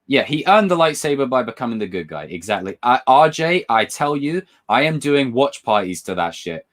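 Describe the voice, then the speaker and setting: A man hosting a casual livestream, talking to his chat in a lively, swooping voice. He is excitable and drops the odd swear word, and his pitch rises and falls a lot as he gets worked up. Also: normal speed. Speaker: livestream host.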